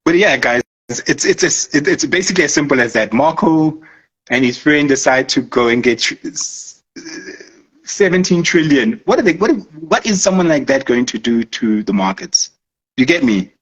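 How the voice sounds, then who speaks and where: A man's voice: mid-range voice, expressive, normal speed, breathy edge, poor audio. A man explaining trading in a casual interview, emphatic, swearing and checking in with the listener. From South Africa. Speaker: forex trader.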